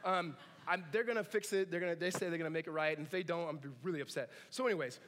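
Male pastor, 30s, high voice, casual joking sermon delivery, big reverberant room. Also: racing, a bit bright, a little hiss or hum. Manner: conversational and joking, with asides and laughs. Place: church sanctuary.

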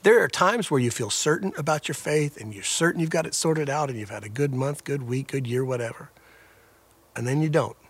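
A man's voice: medium pitch, brisk, husky. A man preaching a sermon as a pastor, earnest, with a repetitive cadence that rises and falls in intensity.

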